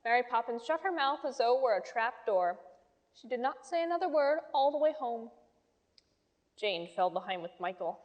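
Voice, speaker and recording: A woman with a high voice reads a children's storybook aloud in an expressive, lilting way. Her narration carries a long reverb, as in a large hall. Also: moderate pace.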